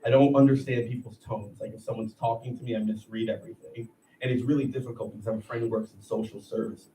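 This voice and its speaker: A man in his thirties doing a profane, animated stand-up set on a comedy club stage. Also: medium pitch, fast. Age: 30s. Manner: profane, animated, acts out voices. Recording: echoey room, heard from a distance. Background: audience laughter and room noise.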